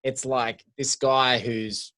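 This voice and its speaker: A man co-hosting a casual podcast, talking in an enthusiastic, rambling way. His voice sits at an ordinary middle pitch, and his sentences often trail off softly. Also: flat delivery, slow pace. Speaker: podcast co-host. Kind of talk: casual chat.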